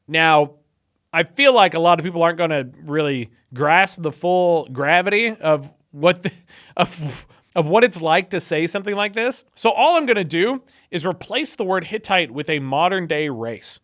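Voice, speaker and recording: Bright-voiced young man joking through a retelling. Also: fairly high pitch, lively intonation, normal speed. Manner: casual, irreverent, full of "like" fillers. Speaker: online video host. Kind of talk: comedic retelling of a story.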